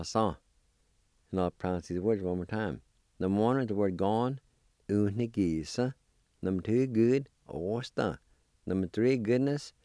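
A man giving a slow language lesson, spelling and pronouncing each word and repeating it patiently. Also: on the low side, dark tone, dry recording, clean studio sound. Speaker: language teacher.

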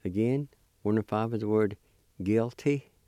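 A man teaching a language lesson, spelling and pronouncing each word slowly and repeating it. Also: lowish voice, warm tone, no echo, studio quality. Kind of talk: slow spelling and pronunciation lesson.

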